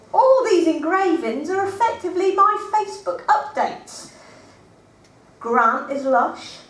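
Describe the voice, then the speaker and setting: A woman's voice: high voice, echoey room, far from the mic, heavily acted. An actress playing an awkward, self-mocking adult woman in a comic stage monologue, rambling and chatty.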